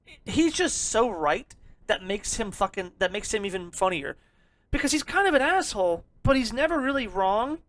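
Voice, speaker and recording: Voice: mid-range voice, sing-song, moderate pace, fairly bright tone. A podcast co-host in loose, casual conversation, rambling and swearing freely and laughing often. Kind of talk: casual chat.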